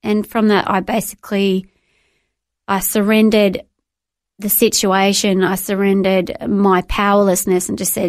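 A woman's voice: medium pitch, level tone, unhurried, no room sound, studio quality. A middle-aged Australian woman sharing her personal faith testimony as an interview guest, earnest and emotional, often restarting her words.

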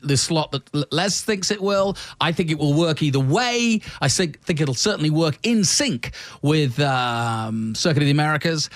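A man hosting a casual motorsport talk show, chatty and teasing, often restarting his sentences. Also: on the high side. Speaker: host.

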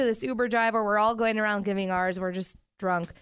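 A woman's voice: medium pitch, fairly even intonation, fairly quick, a bit bright, clean tone, no room sound, clean studio sound. A young woman co-hosting a podcast, telling weekend stories in casual chat with lots of "like" and "um". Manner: chatty storyteller, lots of "like" and "um"; talks with her mouth full at times. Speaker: podcast co-host.

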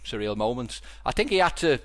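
Middle-aged Liverpool man, podcast host, relaxed rambling storyteller, mid-pitched voice. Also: a little fast. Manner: rambling storyteller with many restarts. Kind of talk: casual chat.

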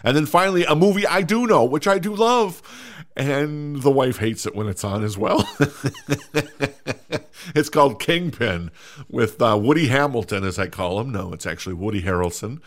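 A middle-aged man with a medium-pitched voice hosts a solo podcast at a moderate pace, sounding animated. He rambles casually, full of fillers and restarts, and cracks self-mocking jokes at his own expense.

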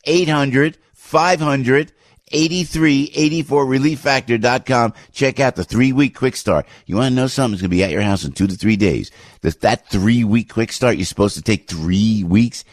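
A man with a New Jersey accent hosting a radio talk show, loud and animated, reading ads and taking calls, repeating catchphrases. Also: on the low side, fairly quick, no echo, clean studio sound. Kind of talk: live ad read and call-in radio chat.

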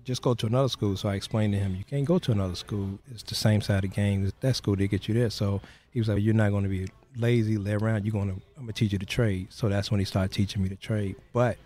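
Low mellow-voiced man telling his story. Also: fairly even intonation, quick pace, hardly any pauses. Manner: earnest, plain-spoken storyteller acting out quoted voices. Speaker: guest. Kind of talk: storytelling interview.

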